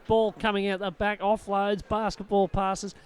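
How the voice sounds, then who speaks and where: A man's voice: high-pitched, level tone, clear, resonant tone. A man giving expert rugby league commentary, chatty and detailed in his breakdowns of the play. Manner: quick, chatty, explains plays in detail.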